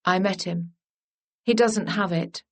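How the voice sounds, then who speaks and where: Woman doing a suave nobleman, dropped low, chatty and easy, slow delivery. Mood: teasing. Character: deep-voiced charming male lord, teasing.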